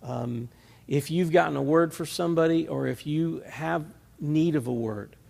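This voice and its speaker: A man's voice: on the high side, normal speed, vocal fry, darkish tone. A male pastor, preaching a folksy, conversational sermon built on homely analogies. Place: church sanctuary. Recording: reverberant church hall.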